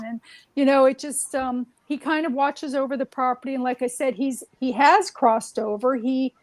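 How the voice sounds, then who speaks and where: A woman's voice: high voice, steady tone, moderate pace, no echo, rough recording. A woman telling stories in a casual, rambling way, full of "um"s and restarts. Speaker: guest. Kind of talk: casual conversational storytelling.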